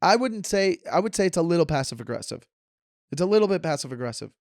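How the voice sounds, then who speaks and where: A man's voice: a little high, animated, fast talker, dry recording. Rambling, sarcastic man podcasting. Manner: sarcastic, joking, talks in tangents. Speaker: podcast host. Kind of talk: casual rambling monologue.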